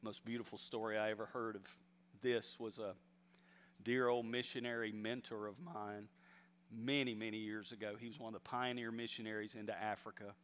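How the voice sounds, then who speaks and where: Male pastor, mid-pitched voice, storytelling sermon with emphatic swells, long hall reverb. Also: level tone, normal speed, fairly bright tone, smooth. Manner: storytelling, rising to emphatic exhortation.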